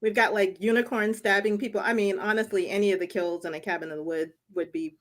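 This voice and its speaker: A woman's voice: medium pitch, fairly even intonation, fast talker, over a noisy crowd. A woman in a casual podcast chat who talks with enthusiasm and laughs often.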